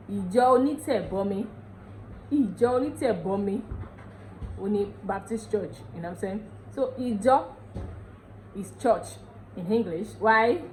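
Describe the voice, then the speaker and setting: A woman with a Nigerian accent teaching dialect words in a casual lesson, chatty and repeating each word slowly for drilling. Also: medium pitch, a little mellow, slight background noise, low-quality recording.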